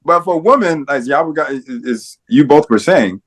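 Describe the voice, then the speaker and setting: A man's voice: fairly high pitch, animated, moderate pace. Rambling man in casual podcast chat. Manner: rambling, hesitant, full of acted-out quotes. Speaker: podcast co-host.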